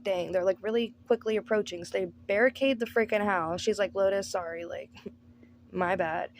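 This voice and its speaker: A woman's voice: mid-range voice, a little hiss or hum. Sarcastic woman recapping a movie. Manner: sarcastic, profane, says "like" constantly. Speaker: movie reviewer. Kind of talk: casual movie recap commentary.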